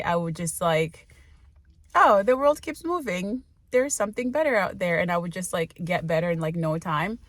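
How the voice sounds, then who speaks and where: A woman's voice: medium pitch, fairly bright tone, no echo. A woman in her late twenties talking casually in a vlog, rambling with lots of fillers and laughs. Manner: munching while talking. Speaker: vlogger.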